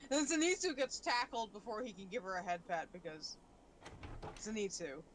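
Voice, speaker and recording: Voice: mid-range voice, moderate pace, fairly bright tone. Casual co-streamer rattling off anime stuff, mid voice, slight noise. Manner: chatty, explains anime plots. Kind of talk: casual gaming stream chat.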